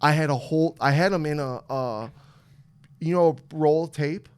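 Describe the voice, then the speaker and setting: Animated, cursing young man telling a story. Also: fairly high pitch, normal speed, clear, resonant tone. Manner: animated, swearing, acts out quotes. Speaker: podcast host. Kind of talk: casual storytelling chat.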